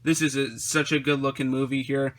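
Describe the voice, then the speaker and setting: A young man talks through his collection in a loose, rambling way, full of "uh"s and restarts. His voice stays flat and even, with little rise or fall, at a middle pitch. It sounds like easy, unscripted vlog chat. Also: brisk. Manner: relaxed, rambling with frequent fillers and restarts. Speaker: vlogger reviewing his disc collection. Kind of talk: casual vlog commentary.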